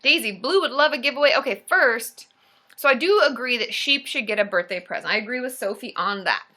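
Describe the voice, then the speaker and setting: A woman hosting a casual live stream, bubbly and excitable, chatting with viewers, often cheering and giggling. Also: a little high, brisk. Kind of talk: casual livestream chat reading viewer comments.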